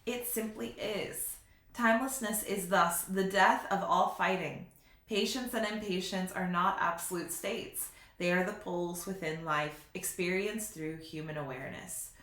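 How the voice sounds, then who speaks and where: A woman speaks in a slightly low but bright, forceful voice. She gives a spiritual teaching in an unhurried, reflective way and laughs at her own slips. The sound carries a roomy echo. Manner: slow, reflective, laughs at herself.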